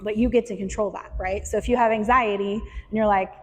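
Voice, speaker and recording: A woman hosting a candid talk with a live group, earnest and animated as she explains breath work. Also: mid-range voice, fairly quick, in a large hall, slight background noise, low-quality recording. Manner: earnest, animated, acts out inner voices. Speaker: podcast host and breath work facilitator. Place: room with a small audience.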